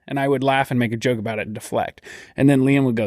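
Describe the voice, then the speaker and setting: A man's voice: mid-range voice, steady tone, racing, darkish tone, no room sound. A young man riffs and ribs his co-hosts in casual comedy podcast chat. His tone is sarcastic and mock-aggressive, and the sound is dry and close to the mic. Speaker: podcast co-host.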